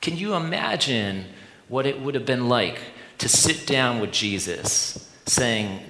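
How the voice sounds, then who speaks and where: A man's voice: mid-range voice, lively intonation, measured pace, pushed and bright. A man preaching an earnest sermon to a church gathering, repeating a refrain and often restarting his words. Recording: echoey hall with long reverb.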